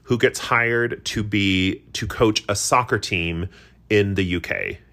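A man's voice: fairly low pitch, takes it slowly, bright, forceful tone. A man co-hosting a podcast, chatty and self-deprecating in casual conversation. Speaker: podcast co-host. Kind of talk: casual chat.

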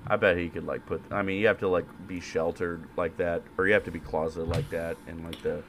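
A man's voice: deep voice, level tone, a little fast, a bit bright, a little hiss or hum. A man co-hosting a podcast in casual chat, sarcastic and crude. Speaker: podcast co-host.

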